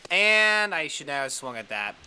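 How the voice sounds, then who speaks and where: A young man giving his own running commentary over a baseball video game. He mutters to himself, groans at misses and cheers at hits. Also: normal speed. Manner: excitable, talks to himself, groans and cheers at each pitch. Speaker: gaming YouTuber.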